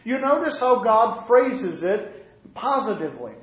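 A man with a high voice teaches from the Bible in an earnest, explanatory sermon. He slows down to stress key words. The sound is roomy and a little muffled. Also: very animated. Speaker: preacher.

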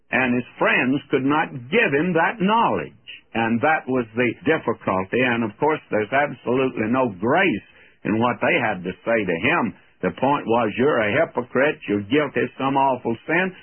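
A man preaches on an old radio broadcast, his husky voice squeezed thin as if through a telephone. He reads scripture aloud, then explains it plainly in a sermon. His pitch rises and falls freely as he teaches. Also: phone-quality sound. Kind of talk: sermon, verse-by-verse Bible teaching.

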